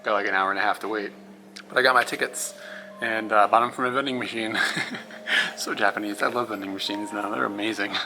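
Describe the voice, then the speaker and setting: A man's voice: fairly low pitch, fairly even intonation, fairly quick, music in the background. A young man talking casually to his camera as a travel vlogger, chatty and amused, laughing often between phrases. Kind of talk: casual vlog chat to camera. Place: laundromat and outdoor travel spots. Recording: noisy background with passing vehicles.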